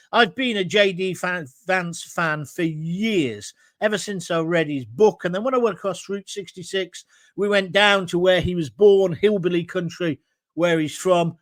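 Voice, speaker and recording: A middle-aged man with a British accent hosts a live opinion show, blunt and combative as he works through viewer comments. His voice sits high for a man. The sound is dry, with no room echo. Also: a bit bright. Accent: British English. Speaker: host.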